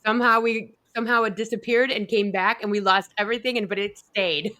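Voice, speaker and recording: A woman's voice: mid-range voice, fairly even intonation, a little fast, pushed and bright. A woman in her forties hosting a podcast over a phone video call, chatty and rambling. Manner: chatty, rambling, laughs easily. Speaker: podcast host. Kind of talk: casual podcast chat.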